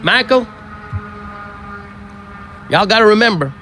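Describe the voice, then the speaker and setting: An elderly male scholar drawls with a West Virginian accent, as a man puts him on. He sounds folksy and matter-of-fact. The voice sits rather high, with faint traffic outdoors behind it. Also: lively intonation, takes it slowly, pushed and bright, heavily acted. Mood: advising. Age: older.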